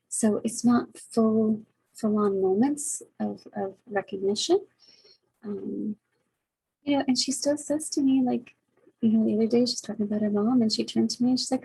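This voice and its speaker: A middle-aged woman, a family caregiver, talking through a casual personal vlog in a reflective, halting way with many fillers. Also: on the high side, fairly even intonation, vocal fry, warm tone, husky, poor audio.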